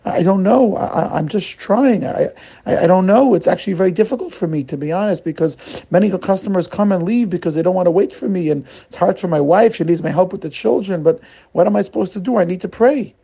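A man's voice: high-pitched, brisk, vocal fry, mellow, husky, pitched above the performer's own voice, full character voice. A man voicing a simple, anxious innkeeper who stammers and pleads. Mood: pleading.

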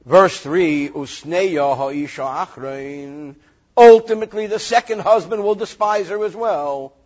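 Male rabbi, reading, lively joking lesson; raspy tone and a muffled, low-fi recording. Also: measured pace. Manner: animated, joking, reads Hebrew verses then translates. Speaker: rabbi teaching Torah.

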